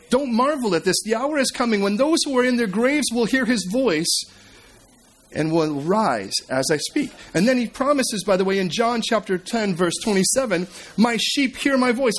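A man preaching a sermon, retelling scripture as a story and swinging between emphatic and hushed delivery. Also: sits high. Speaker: pastor.

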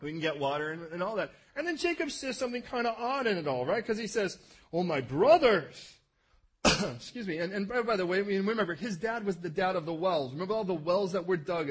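A man's voice: sits high, husky. A man giving a conversational sermon in church, telling the story and asking his listeners rhetorical questions. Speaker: preacher.

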